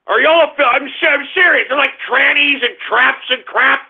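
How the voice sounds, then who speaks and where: A man hosting a radio show, ranting in exasperation at his chat room, swinging between groans and shouts. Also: extremely high pitch, normal speed. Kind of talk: exasperated live call-in banter. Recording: tinny phone-line sound.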